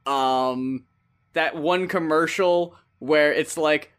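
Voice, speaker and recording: A man's voice: fairly high pitch, lively intonation, pushed and bright. A man co-hosting a podcast in casual chat, rambling and swearing freely as he retells scenes. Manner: rambling, profane, acts out scenes in quick voices. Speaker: podcast co-host.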